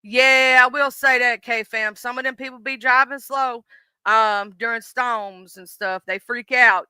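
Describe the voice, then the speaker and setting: A woman's voice: a little high, sharp tone, clean tone, dry recording. A woman with a Southern US accent hosting a live stream, chatting in a folksy way and answering her viewers by name. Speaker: livestream host. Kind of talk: casual chat reading viewer comments.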